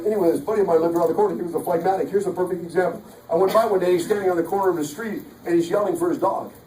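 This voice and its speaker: A man giving an energetic, joking motivational talk at a live sales event, often acting out voices. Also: high-pitched, a little hiss or hum. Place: large hall. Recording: echoey hall from far off.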